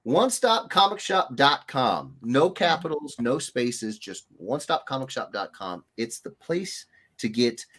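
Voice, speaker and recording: A man hosting a casual livestream, jokey and animated as he greets viewers. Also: medium pitch, measured pace. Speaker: host.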